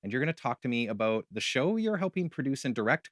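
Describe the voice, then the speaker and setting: Male podcast host in his thirties, lively and bright, jokey and quick to laugh, dry close mic. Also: medium pitch, no echo. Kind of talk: casual interview chat.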